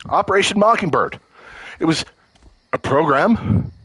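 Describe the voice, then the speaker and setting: Heated man ranting, slightly high voice. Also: animated, unhurried, fairly bright tone, breathy edge, rough recording. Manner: heated, profane and emotional, with stammered restarts. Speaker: livestream host. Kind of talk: live political rant.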